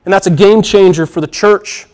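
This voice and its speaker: A man's voice: sits high, normal speed, darkish tone. A man preaching a sermon in an earnest way, often asking a question and then answering it himself. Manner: earnest, repeats key phrases, asks and answers questions. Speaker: pastor.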